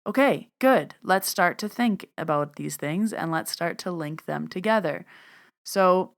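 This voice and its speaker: A woman's voice: lowish voice, a little slow, gravelly. A young adult woman hosting a solo podcast as an energy worker, talking casually and reflectively, often repeating her questions.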